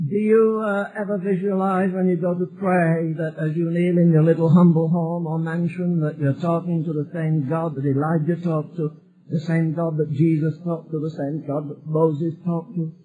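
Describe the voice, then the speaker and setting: A man's voice: a little high, little pitch movement, moderate pace, breathy edge, narrow, tinny audio. A male preacher delivering a sermon emphatically, building repeated phrases toward a climax.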